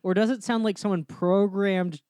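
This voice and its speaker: A young man in casual comedic podcast chat, teasing and quick with crude jokes. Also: sits high, fairly even intonation, a little mellow, smooth, no room sound. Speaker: podcast co-host.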